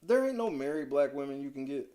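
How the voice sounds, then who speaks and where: With big pitch swings and a fast pace, a man co-hosting a podcast tears into reality TV in a casual conversation. He's blunt, swears a lot, and uses heavy slang, going from a low mutter to loud, emphatic ranting.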